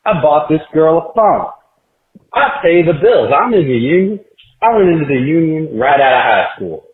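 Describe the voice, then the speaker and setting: A man's voice: on the high side, big pitch swings, normal speed. A man in his twenties calling in with a boastful rant, asking again and again if you know what he means. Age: 20s. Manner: boastful, ranting, keeps saying "you know what I'm saying". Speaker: caller. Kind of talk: casual rant. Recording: tinny phone line, echoey room.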